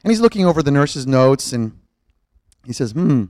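Animated, self-mocking middle-aged preacher. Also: male voice, mid-range voice, moderate pace, no room sound. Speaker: pastor. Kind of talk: storytelling sermon.

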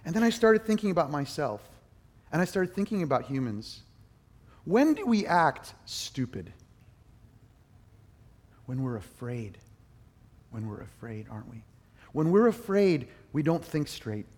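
A middle-aged man preaching a sermon, telling a personal story with animated, emphatic bursts. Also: on the high side, a little slow, long pauses. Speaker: pastor.

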